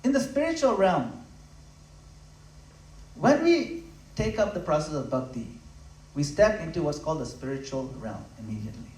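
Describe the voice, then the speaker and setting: A fairly high-voiced man preaches with passion, his delivery swelling to loud emphatic peaks and then sinking low and intimate. He sounds conversational, now and then acting out quick voices of listeners. The room is echoey and he stands a little away from the mic. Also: very animated. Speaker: spiritual speaker. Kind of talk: devotional talk at a home program. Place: room in a home. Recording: roomy, from a distance.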